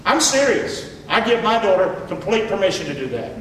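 High-voiced preacher in an echoey hall. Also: male voice, big pitch swings, brisk, a bit bright, distant mic, slight background noise. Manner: folksy, emphatic, calls for amens. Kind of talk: sermon. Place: church.

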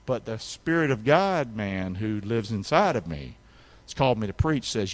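A man preaching a sermon as a pastor, with emphatic call-and-response and sudden shouted lines for emphasis. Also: medium pitch, sing-song, moderate pace. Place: church sanctuary.

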